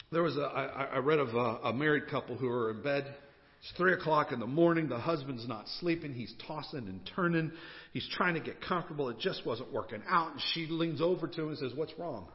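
A man's voice: mid-range voice, a little fast. A male pastor preaching a sermon, chatty and joking, building to fervent declarations. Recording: dull sound with long hall reverb.

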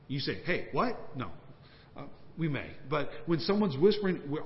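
A man preaching from the pulpit, his fairly high voice climbing on urgent questions and sinking to quiet, slowed asides. The sound carries the long reverb of a church hall. The recording is muffled and lo-fi, with the top end rolled off. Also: slight background noise. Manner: animated preaching, swinging from emphatic raised questions to hushed, slowed asides. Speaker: pastor. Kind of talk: sermon.

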